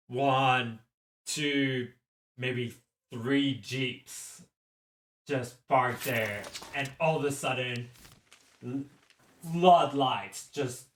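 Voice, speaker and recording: A man narrating a tabletop game as game master, slow and halting, with many restarts. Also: mid-range voice, a bit bright, distant mic. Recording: roomy echo, a bit off-mic.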